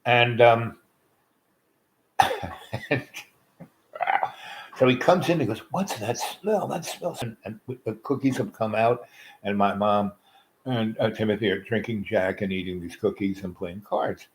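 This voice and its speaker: Man, lowish voice, rambling anecdote with lots of fillers and asides. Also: a little slow, pauses often, a little hiss or hum, poor audio. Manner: loose, full of fillers and asides. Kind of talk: rambling personal storytelling.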